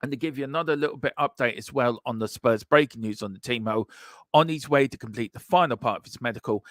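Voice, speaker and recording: A boisterous man hosts a football news live stream in a loose, chatty way, boasting about being right and reading out viewer messages. His voice sits at an ordinary middle pitch and sounds dry and close, with no room around it. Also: quick pace, fairly bright tone, no echo. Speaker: host of a football transfer news show. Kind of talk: casual live-stream chat.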